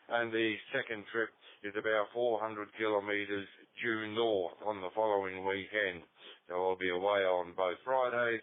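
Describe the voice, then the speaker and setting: A man's voice: on the low side, dry recording. An Australian man in his seventies chatting casually on a ham radio net, rambling through anecdotes with dry humor. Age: 70s. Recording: tinny dry radio transmission.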